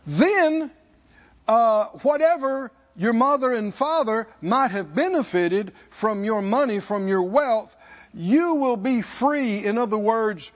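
Preacher guy, high voice, slow n deliberate, calls out to the church, muffled recording. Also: expressive. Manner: call-and-response preaching, slows for emphasis. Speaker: pastor. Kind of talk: sermon.

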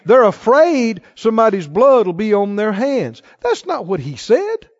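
A male preacher with a high voice tells folksy stories from the pulpit and drives his points home with emphasis. He drops into a lower, sterner tone when quoting the Lord. The sound is dry and a bit dull. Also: very animated, a little slow, dry recording. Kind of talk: sermon with storytelling.

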